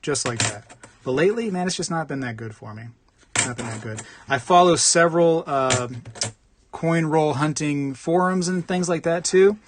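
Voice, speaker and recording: A man's voice: fairly high pitch, normal speed, noisy background. A man hosting a casual livestream from the United States, rambling while he reads comments, repeating himself and laughing often. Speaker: coin roll hunting livestream host.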